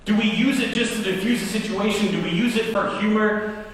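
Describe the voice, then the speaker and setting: Animated preacher in an echoing hall. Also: male voice, high voice, a little fast, a little hiss or hum. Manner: animated, acts out his own anger in quoted lines. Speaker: pastor. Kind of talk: storytelling sermon. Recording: roomy hall, mic at a distance.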